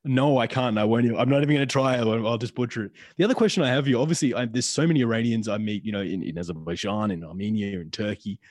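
A man, a podcast guest talking in a quick, chatty way and often restarting his phrases. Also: mid-range voice, a little mellow, no room sound, clean studio sound. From Australia. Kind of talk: casual podcast chat.

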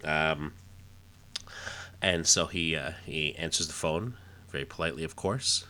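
Deep-voiced man rambling casually. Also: steady tone, a little slow, pauses often, sharp tone. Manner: rambling, lots of fillers. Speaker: podcast host. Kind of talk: casual comic book recap.

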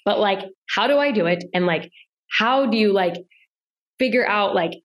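A woman's voice: medium pitch, lively intonation, moderate pace. A young woman chatting casually as a podcast guest, leaning on lots of filler "like"s. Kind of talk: casual interview chat.

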